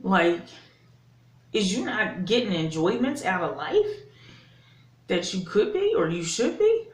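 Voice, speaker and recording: A woman's voice: mid-range voice, sing-song, a little slow. A woman vlogger giving an indignant, emphatic opinion rant to camera, swearing and repeating herself for effect. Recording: echoey room.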